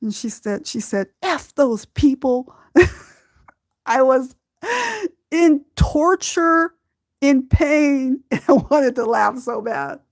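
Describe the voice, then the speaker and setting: A woman from Southern California hosting a podcast, telling a personal story slowly and from the heart, often breaking into laughter. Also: high-pitched, no room sound, studio quality. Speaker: podcast host.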